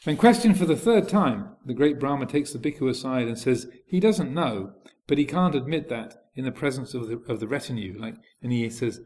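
A man's voice: medium pitch, animated, brisk, hardly any pauses, a little mellow. A man teaching as a Buddhist monk, giving a dharma talk with a hesitant delivery full of fillers and restarts.

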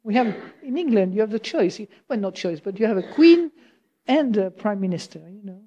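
A woman's voice: mid-range voice, expressive, normal speed, warm tone, lo-fi sound. A woman speaks English with a French accent, giving an informal Buddhist question-and-answer talk. She is chatty and laughs easily. She keeps turning to her listeners to check that they follow her. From France.

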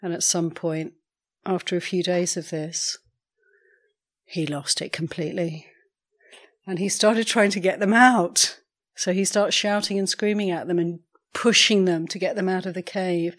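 A woman meditation teacher telling a story during a morning sitting, in a measured, unhurried way, clearing her throat now and then. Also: on the low side, steady tone. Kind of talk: storytelling dharma talk.

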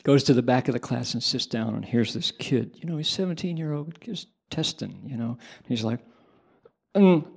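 Man, Buddhist monk, sermon, animated storytelling, gravelly voice, middle pitch. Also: normal speed, hardly any pauses. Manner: animated storytelling, conversational asides. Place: Buddhist monastery.

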